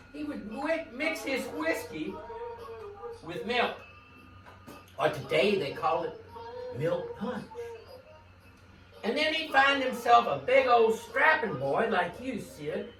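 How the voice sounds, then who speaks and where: A man's voice: sits high, pushed and bright. A man who performs a comic magic act, spinning folksy tall tales and bantering with a volunteer in front of a live audience. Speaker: stage magician. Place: stage before live audience. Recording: roomy live stage from a distant mic.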